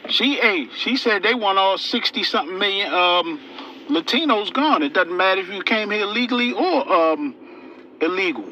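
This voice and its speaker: A man hosts a casual commentary, urgent and animated, in slangy everyday speech. His voice is high and very bright. A faint hiss of noise lies under it. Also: rough recording. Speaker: channel host.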